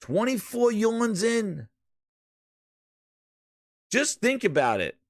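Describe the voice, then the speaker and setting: A man's voice: high-pitched, takes it slowly, dry recording, clean studio sound. A man hosting a gaming podcast alone, ranting casually with profanity and mockery. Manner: profane, mocking, animated. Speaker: podcast host.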